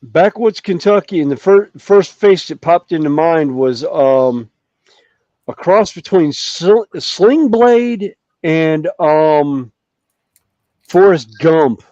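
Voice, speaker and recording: A man's voice: on the high side, expressive, slow, warm tone, no echo. A man chatting casually in a hobby group, rambling and chuckling often. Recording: dull, dry lo-fi sound.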